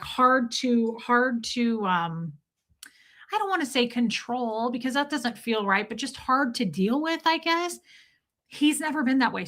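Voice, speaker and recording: A middle-aged woman hosts a relaxed livestream, talking in a bright, forceful voice that sits a little high. She rambles through her stories, leans on "like" constantly, and breaks off to greet viewers by name before picking the thread back up. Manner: chatty, rambling, heavy use of "like", greets commenters mid-sentence. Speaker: livestream host. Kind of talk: casual livestream chat.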